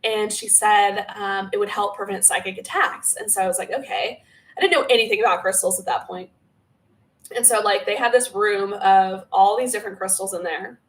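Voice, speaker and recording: A young woman talks straight to camera, telling a personal story in a loose, rambling way. Her voice sits in an ordinary middle pitch, and her sentences are packed with filler words and casual swearing. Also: fairly even intonation, brisk, rough recording. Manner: chatty, many filler words, swears freely. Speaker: spiritual vlogger.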